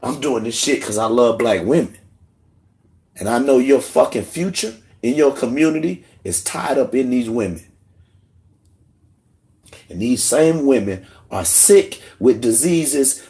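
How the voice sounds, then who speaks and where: A man hosting a livestream, ranting heatedly and emotionally, swinging between low muttering and shouting. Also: lively intonation, measured pace. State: emotional, in tears. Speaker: livestream host. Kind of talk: angry livestream rant.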